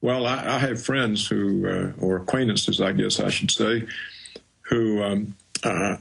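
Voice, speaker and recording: Slow, gravelly older guest on a call. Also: male voice, fairly low pitch, fairly even intonation, fairly bright tone, poor audio. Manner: slow, hesitant, many fillers. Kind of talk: remote interview over video call. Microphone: video call.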